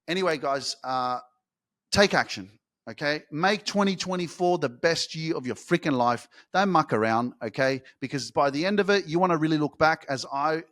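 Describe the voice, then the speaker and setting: A young man hosting a podcast, giving a profane, pumped-up motivational pep talk that swings from quiet to loud. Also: fairly high pitch, no echo, clean studio sound. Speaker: podcast host and speaking coach.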